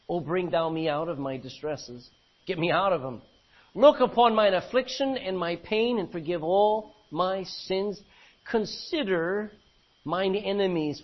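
A husky, high-pitched man preaches a sermon. He reads verses aloud and explains them, putting questions to the congregation. The recording sounds muffled and lo-fi. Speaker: pastor. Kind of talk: expository sermon reading scripture.

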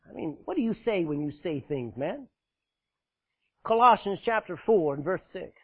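Pastor, man, emphatic preacher with a husky, high, swooping voice, captured on a thin, phone-like recording. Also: expressive, moderate pace. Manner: forceful, emphatic preaching with sudden loud bursts and dramatic drops; laughs often, jokes with the congregation. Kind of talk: sermon. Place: church, live congregation. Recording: tinny phone-like sound.

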